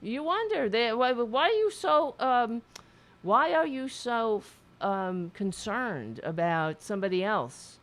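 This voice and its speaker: A woman's voice: on the high side, very animated, takes it slowly. A woman hosting a political talk show, talking with a caller in a blunt, outspoken way, swearing freely and often restarting her sentences.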